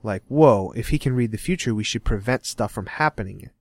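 A man's voice: lowish voice, fairly quick, dry recording. A young man chatting casually as a podcast host, recapping a comic book with energy and putting on characters' lines as he goes. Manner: animated, acts out characters' lines while recapping. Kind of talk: casual chat about comics. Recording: dry.

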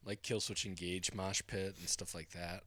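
A laid-back man answers in short, easy remarks during a casual podcast chat. His voice sits very low, and the recording is dry and close. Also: little pitch movement, moderate pace, a bit bright, no echo. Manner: laid-back, brief replies.

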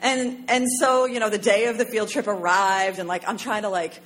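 A woman from Pennsylvania telling a personal story on stage, chatty and animated, with many "like" fillers. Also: medium pitch, moderate pace. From Pennsylvania, USA.

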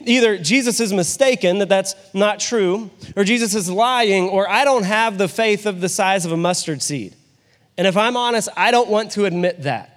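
A man's voice: high voice, normal speed, fairly bright tone, big-room sound. A male pastor giving a sermon in a conversational way, often asking his listeners rhetorical questions.

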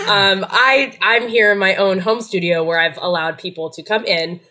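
A woman's voice: medium pitch, fairly even intonation, normal speed, background noise. A woman guest on a podcast, joking playfully about herself while speaking from her home studio. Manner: jokey, playful, self-mocking. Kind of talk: casual chat.

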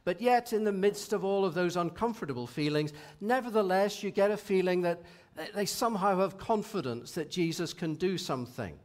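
A man's voice: sits high, animated, darkish tone. Reflective man preaching a sermon. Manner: measured, reflective, reads scripture aloud. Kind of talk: sermon reading.

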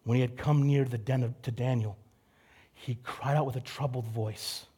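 A man's voice: mid-range voice, steady tone, normal speed, warm tone, husky. A young man preaching a casual, conversational sermon, acting out the characters he quotes. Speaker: pastor.

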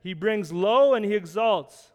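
A man preaching in a high, smooth, resonant voice, earnest and conversational, circling back over his phrases as he works through scripture. His words ring out with a long reverb, as in a large hall. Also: expressive, a little slow, darkish tone. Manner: conversational, earnest, with frequent restarts and scripture readings. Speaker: pastor. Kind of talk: sermon.

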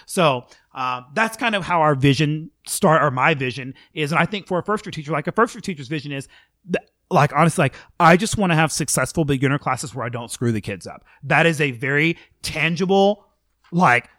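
Middle-aged band director, chatty and animated, raised pitch, dry close sound. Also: male voice, brisk, dry recording. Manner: chatty and animated, many fillers. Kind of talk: casual interview chat.

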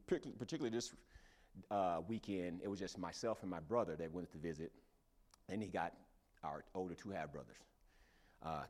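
Man telling a rambling story. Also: low-pitched. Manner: animated, hesitant storytelling with many fillers. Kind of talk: storytelling sermon.

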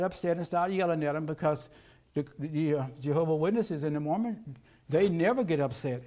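A man's voice: a little high, darkish tone. An older man preaching a sermon as pastor, folksy and emphatic, asking the congregation rhetorical questions.

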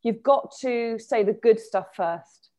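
A woman hosting a casual chat, animated and quick to laugh, talking in rambling restarts. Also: on the high side. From England.

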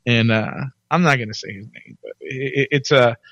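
A man chatting casually as a podcast guest, telling his career story with lots of restarts and animated jumps when he quotes himself. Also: mid-range voice, moderate pace, no room sound, muffled recording.

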